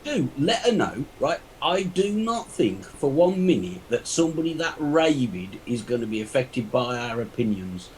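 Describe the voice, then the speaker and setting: A man's voice: medium pitch, very animated, moderate pace, few pauses, poor audio. A man on a chat panel, blunt and exasperated as he rants. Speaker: panel guest.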